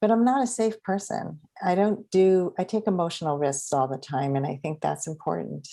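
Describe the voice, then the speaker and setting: A woman's voice: lowish voice, steady tone, moderate pace, gravelly, mellow. A middle-aged woman hosting a podcast, reflecting and sharing her own experience in a casual interview. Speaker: podcast host.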